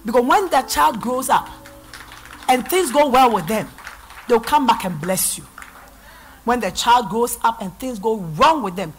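Ghanaian woman pastor, middle-aged, animated sermon delivery, pitch leaps all over. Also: a little slow, long pauses, faint music behind. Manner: animated preaching, swinging from loud to soft. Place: church.

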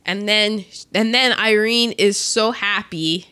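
Bright-voiced woman retelling a film. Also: medium pitch, slow pace, clear, resonant tone. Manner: animated, acts out quotes with laughs. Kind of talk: casual chat retelling a film.

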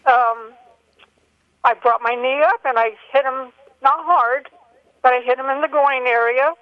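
An older woman calling in by telephone, telling a long personal story in an earnest, halting way with many fillers. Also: sits high, fairly even intonation, dry recording. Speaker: caller. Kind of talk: phone-in call. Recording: dull telephone line.

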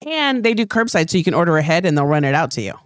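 A young adult woman co-hosting a podcast in casual chat, talkative and quick to laugh as she reads out listener comments. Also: sits low, sing-song, no echo, clean studio sound. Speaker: podcast co-host.

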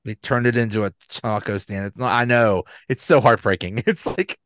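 A man hosting a casual sports podcast, relaxed and chatty, laughing often. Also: on the low side, moderate pace, no room sound, studio quality. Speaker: podcast host.

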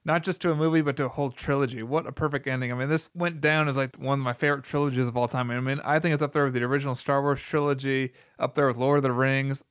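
A man in his thirties with a smooth, clear voice recounts things eagerly on a casual podcast. He uses many fillers. The sound is dry and close, with no room echo. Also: medium pitch, fairly even intonation, fast, hardly any pauses, fairly bright tone. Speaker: podcast co-host. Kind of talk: casual chat.

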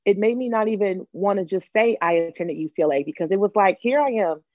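A woman in her thirties from Los Angeles, telling her story as an interview guest, animated and acting out other people's lines. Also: medium pitch, a little fast, no room sound, lo-fi sound.

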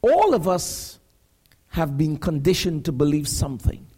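A man preaching a sermon, building to shouts and asking the congregation questions. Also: on the high side, sing-song, a little slow, breathy edge. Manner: preaching with rising shouts and call-and-response questions.

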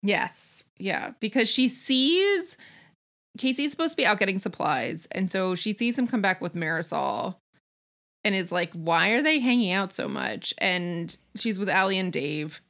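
Woman co-host, relaxed and agreeable, casual recap talk. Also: medium pitch, a little slow. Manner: easygoing, agreeable, laughs along. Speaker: podcast co-host.

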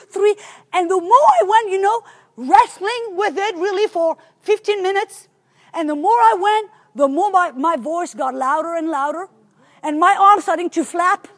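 A woman preacher teaching a sermon, telling a story with animation and emphasis. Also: high-pitched.

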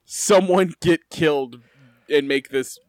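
A man's voice: a little high, takes it slowly, darkish tone, no room sound, clean studio sound. A man co-hosting a podcast in casual chat, sarcastic and exasperated, swearing as he jokes. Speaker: podcast co-host.

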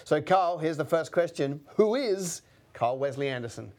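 A man's voice: fairly high pitch, animated, normal speed, a little mellow. A man hosting a faith-based business podcast, introducing his guest in an upbeat way with many fillers. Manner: upbeat, filler-heavy speech. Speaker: podcast host.

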